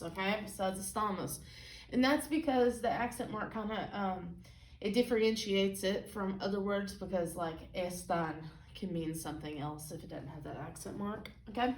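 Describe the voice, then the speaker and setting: A woman's voice: on the high side, recorded from a distance. A woman teaching a Spanish lesson at a whiteboard, asking "okay?" after nearly every phrase. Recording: echoey room, voice from off-mic.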